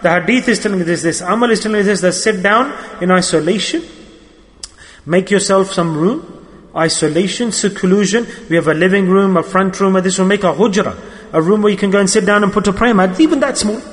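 A man's voice: high voice, fairly quick. A man preaching a sermon with emotive storytelling, repeating his key words. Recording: long hall reverb.

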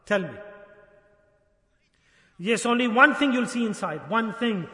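A man with a very high, bright voice delivers a sermon in a large hall that rings with long echoes. He presses his point with insistent repetition. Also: expressive, measured pace. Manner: emphatic, urging, repeats phrases. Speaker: preacher.

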